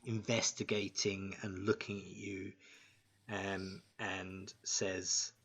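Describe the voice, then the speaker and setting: A man narrating as game master of an online tabletop game, slow and halting with many ums. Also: low voice, level tone, fairly bright tone, slight background noise, poor audio.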